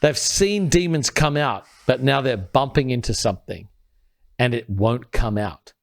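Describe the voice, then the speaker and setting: A man talks through a scripture passage as if teaching friends at a table. He is earnest and builds his point step by step. His voice sinks low and soft whenever he quotes a verse. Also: unhurried, creaky. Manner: drops quiet and low when quoting scripture. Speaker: podcast co-host. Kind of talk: conversational Bible teaching.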